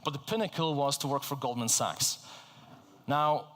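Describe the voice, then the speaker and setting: A Polish-born man, a native Polish speaker, giving an energetic, conversational keynote talk on a conference stage and engaging the audience. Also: medium pitch, normal speed. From Poland. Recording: echoey conference hall.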